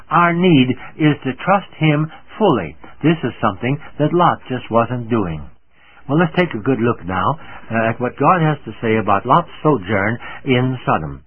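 An older man teaching the Bible on the radio, speaking earnestly and emphatically and reading scripture slowly. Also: medium pitch, husky. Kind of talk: radio sermon. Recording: narrow tinny old radio broadcast.

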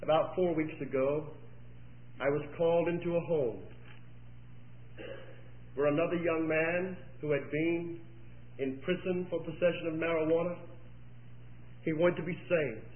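High-voiced impassioned preacher on old tape. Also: male voice, fairly even intonation, a little slow, long pauses. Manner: impassioned storytelling, rising to near-shouts. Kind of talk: sermon. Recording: echoey, tinny phone-like old tape.

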